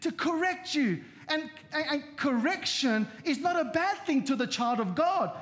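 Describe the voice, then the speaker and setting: A man's voice: extremely high pitch, expressive, normal speed, a bit bright. A man preaching a sermon as pastor, telling stories in a repetitive, conversational way and often saying amen. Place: church.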